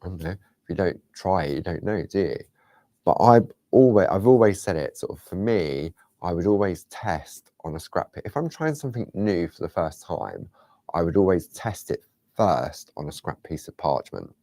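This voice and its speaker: Low gravelly-voiced craft host. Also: male voice, big pitch swings, moderate pace, dry recording. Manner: chatty, rambling, drifts into soft whispers and laughs at himself. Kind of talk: casual craft demonstration.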